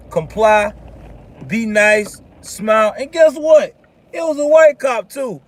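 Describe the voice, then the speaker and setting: A man's voice: high voice, unhurried. A man hosting a vlog, ranting bluntly and profanely in casual commentary from inside a car. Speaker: vlog host. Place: in a car on the road. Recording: car road noise behind.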